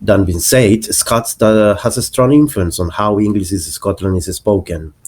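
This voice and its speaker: A man narrating a lesson on English accents, explaining slowly and deliberately and spelling out example words. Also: lowish voice, a little mellow.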